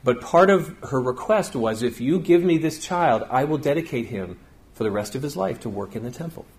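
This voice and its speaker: A man's voice: medium pitch, expressive, moderate pace, a little mellow. Conversational male preacher telling stories. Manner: conversational storytelling, acts out quotes. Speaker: pastor. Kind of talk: sermon.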